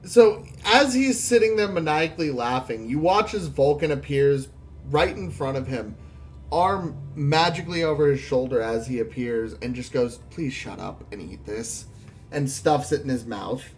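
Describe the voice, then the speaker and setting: A man narrating a tabletop role-playing game as game master, quick and dramatic. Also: on the high side.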